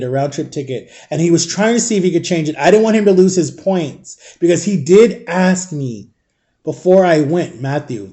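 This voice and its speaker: Chatty man with a mellow, higher voice. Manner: chatty, rambling, frequent "like" and "guys". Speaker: vlogger. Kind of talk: casual storytelling to camera.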